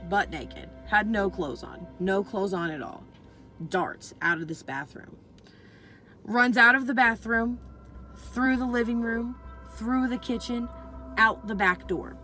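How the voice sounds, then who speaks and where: A woman's voice: medium pitch, sharp tone, rough recording. A young adult woman vlogger telling a story casually, rambling with constant fillers and swearing freely.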